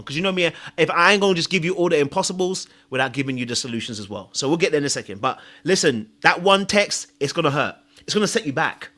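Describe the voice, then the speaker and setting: Animated man giving dating advice. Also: a little high. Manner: emphatic, confessional, acts out own thoughts. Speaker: podcast host and dating coach.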